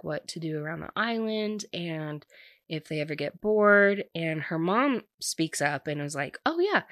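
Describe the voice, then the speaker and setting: Young woman, lowish, chatty book recap full of "like", dry close mic. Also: no room sound. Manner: chatty, heavy use of "like". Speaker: book reviewer.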